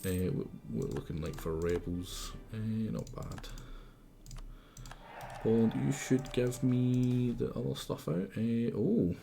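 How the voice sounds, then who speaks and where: A man's voice: medium pitch, big pitch swings, slow pace, vocal fry, dark tone. A Scottish man streaming a game live, chatting and teasing his viewers in a casual, chatty way.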